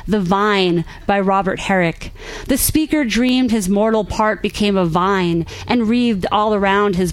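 A woman reading her own romance fiction aloud at a live reading, measured and steady. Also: medium pitch, poor audio. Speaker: author reading her work.

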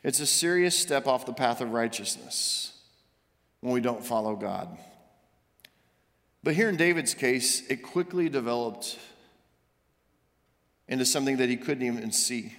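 A male pastor delivering a sermon, rising to emphatic questions and dropping soft and low for confession. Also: expressive, unhurried, vocal fry, pauses often. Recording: long reverb of a large hall.

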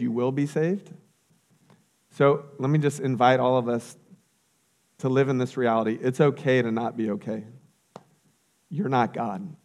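Man, pastor, earnest sermon, repeats phrases, slow unhurried delivery. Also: medium pitch, darkish tone. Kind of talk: sermon with closing prayer.

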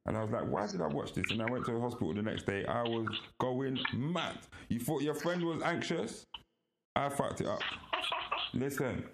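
A man, co-hosting a podcast in casual chat and telling animated stories with frequent laughter. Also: medium pitch, normal speed, heavy background noise. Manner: animated storytelling, laughs often. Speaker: podcast co-host.

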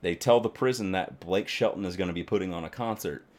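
Male podcast co-host, low voice, loose, excitable and profane, talks in long run-on stretches. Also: fast talker. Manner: rambling, animated, swears often, many fillers. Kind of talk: casual chat.

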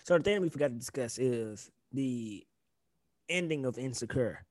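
A young man co-hosting a podcast, ranting in animated, profane casual chat. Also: mid-range voice, normal speed, dry recording, clean studio sound. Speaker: podcast co-host.

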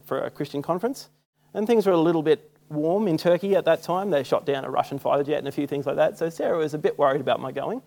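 A man's voice: on the high side, gravelly, darkish tone. A young Australian man preaching a sermon in a casual, self-mocking storytelling way. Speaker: church speaker. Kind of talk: sermon with personal stories.

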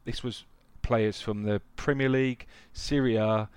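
A man's voice: fairly low pitch, fairly even intonation, a little slow, darkish tone, clear, resonant tone, dry recording. A man co-hosting a casual football podcast, chatty and rambling, often laughing. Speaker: podcast co-host. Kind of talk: casual chat.

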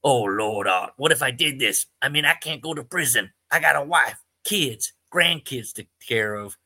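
A man's voice: medium pitch, lively intonation, moderate pace, pushed and bright, husky, pitched above the performer's own voice, exaggerated voice. A man voicing Old Joe, a paranoid, God-fearing old small-town man who talks in a folksy drawl and pleads frantically. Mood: pleading.

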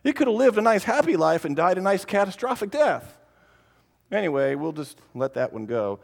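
A man with a slightly high voice gives a lively, playful talk, speaking straight to the children in the crowd. His voice carries a long reverb from a large hall. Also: moderate pace, creaky. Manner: animated, playful, addresses kids directly. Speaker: creationist speaker. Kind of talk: lively conference talk to families.

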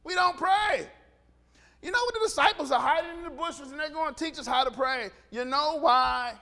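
A middle-aged man preaching a sermon, animated, swinging from quiet asides to shouts and acting out dialogue. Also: very high voice, fairly quick, creaky. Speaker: pastor.

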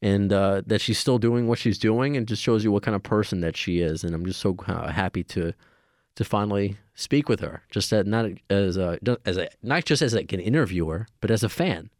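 A man hosting a podcast, wrapping up the show in a rambling, halting way with many fillers. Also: on the low side, darkish tone, no room sound, studio quality. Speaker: podcast host. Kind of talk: casual podcast outro.

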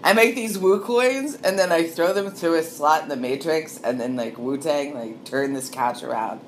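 A woman in her late thirties gives a loose, wandering monologue, laughing often and letting sentences trail off. Her voice is deep and bass, her speed normal, with a faint hiss or hum behind her.

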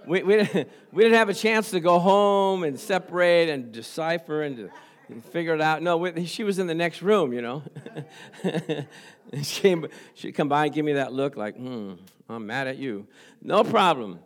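Male pastor, middle-aged, loose conversational sermon, voice pitched a bit high, laughs often. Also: lively intonation, normal speed. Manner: conversational preaching with frequent laughs and "praise the Lord".

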